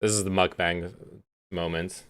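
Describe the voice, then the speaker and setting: Low-voiced man chatting on stream. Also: steady tone, a little slow, a bit bright, smooth. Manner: chatty, swears often, laughs, talks while eating. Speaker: livestreamer reacting to a video. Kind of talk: casual chat.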